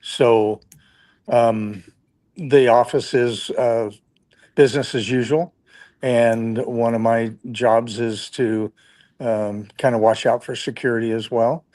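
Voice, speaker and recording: A man gives a casual report over a video call, speaking hesitantly with many fillers and restarts. His voice has a mid pitch, and the sound is dry and close. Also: steady tone, slow pace, darkish tone, dry recording. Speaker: guest on security duty.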